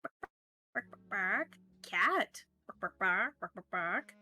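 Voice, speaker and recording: A woman's voice: medium pitch, animated, takes it slowly, pushed and bright, breathy edge, faint music behind, full character voice. A woman voicing a human lady who imitates dog barks to talk to a pet. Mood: playful. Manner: mock barking, sing-song.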